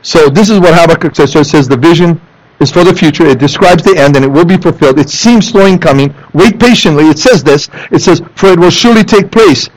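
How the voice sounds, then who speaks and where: A man preaching a sermon in church, animated, rising into loud emphatic lines and dropping to low asides for the congregation. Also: quick pace, no room sound, rough recording. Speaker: pastor. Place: church sanctuary.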